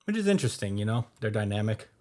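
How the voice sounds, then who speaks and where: Host, male, low voice, casual recap, loose and rambling. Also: sing-song, mellow. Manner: rambling, many fillers, quick laughs. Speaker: podcast host.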